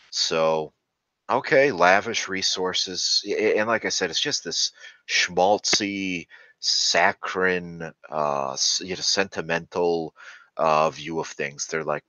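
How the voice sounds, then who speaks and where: A man's voice: low voice, fairly even intonation, measured pace, bright, forceful tone, no echo. A man ranting sarcastically and crudely, stumbling over fillers and restarts. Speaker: channel host. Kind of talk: ranting monologue. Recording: dull lo-fi recording.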